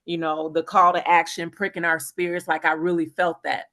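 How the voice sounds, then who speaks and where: Teacher lady on a call, lowish voice, earnest, lots of ums. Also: little pitch movement, normal speed, a bit bright. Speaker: caller, teacher. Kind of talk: casual testimony on a call.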